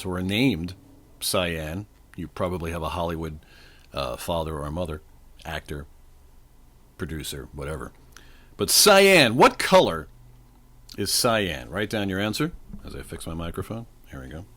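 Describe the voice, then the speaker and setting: A man hosts a casual trivia podcast. His fairly low voice swings widely up and down as he jokes and rambles between questions. He pauses now and then for a sip of water. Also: fairly bright tone. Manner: jokey, rambling, talks straight to listeners. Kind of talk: casual trivia quiz hosting.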